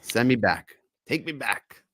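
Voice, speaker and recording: A man hosting a casual live-stream chat, telling stories in a loose, profane, animated way. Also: mid-range voice, measured pace, no room sound, studio quality. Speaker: podcast host.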